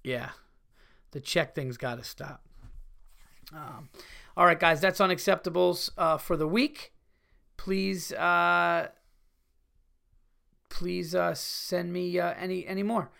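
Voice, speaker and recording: A man hosting a casual solo podcast, ranting in a profane, animated way. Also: sits high, slow pace, creaky, long pauses. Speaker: podcast host.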